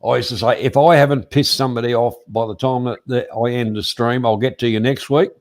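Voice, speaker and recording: A man's voice: medium pitch, steady tone, brisk. A man with an Australian accent hosting a casual chat, telling rambling, irreverent stories and swearing. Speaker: host.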